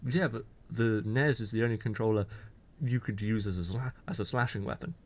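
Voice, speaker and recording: A young man with a fairly low voice talks fairly quickly while co-hosting a podcast. Teasing his co-host in an easygoing conversation, he comes across as spirited and knowledgeable about games.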